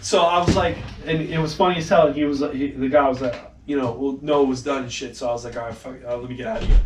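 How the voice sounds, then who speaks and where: A man's voice: mid-range voice, steady tone, quick pace. A man co-hosting a casual podcast, telling stories animatedly, acting out quotes and swearing freely. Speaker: podcast co-host. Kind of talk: casual chat. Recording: echoey room, mic at a distance, faint hiss.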